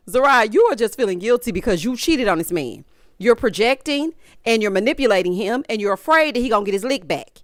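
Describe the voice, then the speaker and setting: A woman hosting a casual reality TV recap, talking in an animated, dramatic, sassy way with punchy asides. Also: on the high side, a little fast, dry recording, studio quality.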